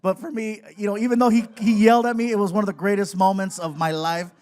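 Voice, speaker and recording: A male comedian guesting on a talk show, telling a rambling, self-deprecating story with animated energy. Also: high-pitched, quick pace.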